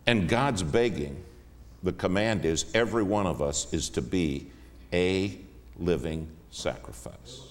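A man preaching a sermon as a guest in a church, emphatic, swinging between hushed and raised lines. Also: sits low, lively intonation, a little slow. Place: church sanctuary. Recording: long reverb of a church hall.

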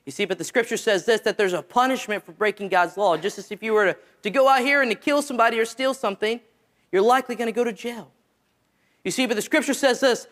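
A man with a squeaky voice preaching an evangelistic sermon, stretching out key phrases and letting them drop low at the ends. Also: fast, a bit bright.

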